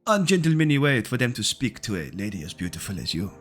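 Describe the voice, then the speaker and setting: A man's voice: fairly low pitch, sing-song, quick pace, fairly bright tone. A man doing a flirtatious foppish Bretonnian gent. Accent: thick French-style Bretonnian. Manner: flirtatious and flowery. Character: foppish middle-aged male Bretonnian gentleman.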